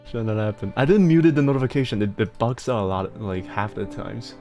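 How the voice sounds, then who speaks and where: Low-voiced young man swearing through casual stream chat. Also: a little fast, dark tone, faint music behind. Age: young adult. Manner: swears freely and laughs often, rambling and chaotic. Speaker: streamer host.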